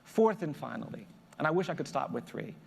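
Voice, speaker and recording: A man's voice: mid-range voice, lively intonation, brisk, creaky, husky. A man, a lawyer, giving a motivational speech with emphatic, building repetition. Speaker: lawyer and public speaker. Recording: echoey hall reverb.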